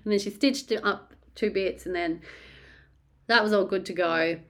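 A woman's voice: mid-range voice, moderate pace. Woman podcast host, candid storyteller, rambling and foul-mouthed, mid-range voice. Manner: rambling, blunt, swears freely.

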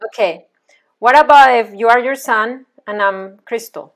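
A woman parenting coach leading a one-on-one session in a gentle, guiding, reassuring manner. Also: fairly high pitch, a little slow.

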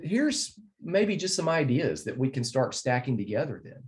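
A man's voice: mid-range voice, big pitch swings, normal speed. A man teaching a recorded Bible lesson, explaining verses earnestly and repeating key phrases as he walks through slides.

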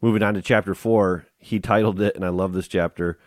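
A man's voice: low-pitched, steady tone, fairly quick, darkish tone, dry recording, studio quality. A man hosting a leadership podcast, retelling and reading from a book in an earnest, enthusiastic way. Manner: earnest and enthusiastic, with some restarts. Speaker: podcast host.

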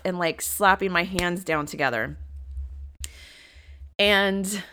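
A woman podcast host telling a candid personal story, confessional and getting animated when she retells heated moments. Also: fairly low pitch, takes it slowly, long pauses, smooth.

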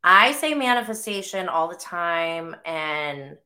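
Slow-talking bright-voiced mom with a cough. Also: female voice, lowish voice, expressive. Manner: rambling, full of "like" fillers. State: getting over the flu, coughing. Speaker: podcast host and mother. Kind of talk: casual chat.

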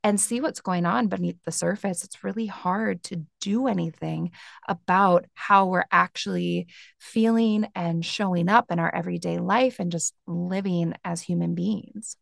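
Brief: woman, 30s, meditation teacher on a podcast, gentle and reflective, gravelly edge, dry close sound. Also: on the low side, a little slow, no echo. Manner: gentle, reflective, with soft laughs and filler words. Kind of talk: casual podcast conversation.

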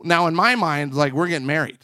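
A man's voice: on the high side, a little fast, dry recording, studio quality. A man in his forties co-hosting a casual talk show, telling a personal story and acting out the people in it. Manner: animated storyteller acting out quoted voices. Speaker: podcast co-host and marriage counselor.

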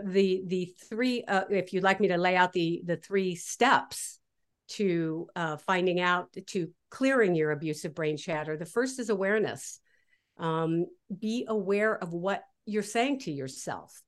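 A woman's voice: fairly low pitch, a little slow. Woman guest explaining animatedly. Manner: animated, acts out inner voices. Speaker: guest author. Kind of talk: casual interview talk.

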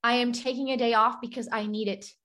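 A woman's voice: a little high, little pitch movement, brisk, a bit bright. A woman hosting a motivational coaching talk, emphatic and full of rhetorical questions, acting out doubting inner voices. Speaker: podcast host and business coach.

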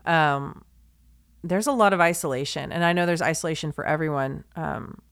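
A young woman speaks on her podcast in a lowish voice, earnest and confiding. She rambles with fillers and restarts and lets her emotion show. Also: normal speed, fairly bright tone, clean tone. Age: young adult. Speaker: podcast host. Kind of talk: heartfelt podcast monologue.

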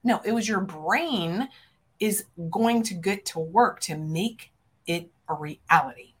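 Slow and husky at a medium pitch, this woman hosts a podcast and works as a business coach. Her motivational talk is fervent and emphatic, full of punchy statements that swing widely in volume, and she speaks straight to listeners as though they're her friends.

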